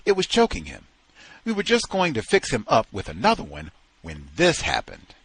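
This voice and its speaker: A man voicing a relaxed, polite seventy-year-old man with an American Southern accent, louder and higher than his reading voice. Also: normal speed, husky, dry recording, exaggerated voice. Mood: friendly.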